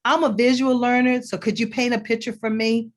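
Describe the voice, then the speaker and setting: A woman's voice: a little high, level tone, fairly quick. A woman guest on a talk show, a career coach explaining step by step and acting out example questions. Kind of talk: conversational teaching.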